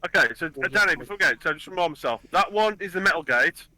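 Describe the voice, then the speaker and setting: A man's voice: a little high, lively intonation, fast, pushed and bright, rough recording. A man playing a tabletop game, hesitantly checking details. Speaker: player.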